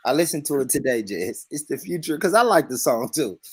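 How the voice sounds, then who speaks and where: A man's voice: medium pitch, big pitch swings, brisk, breathy edge, dry recording. A middle-aged Southern American man hosting a casual panel chat, playful and laughing often. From Southern United States. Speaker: host.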